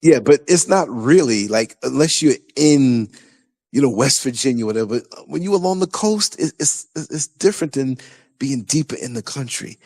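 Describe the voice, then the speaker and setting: New York man, podcast host, raspy gravelly voice, chatty and rambling. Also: medium pitch, moderate pace. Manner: animated, loose and chatty, many restarts. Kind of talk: casual conversation.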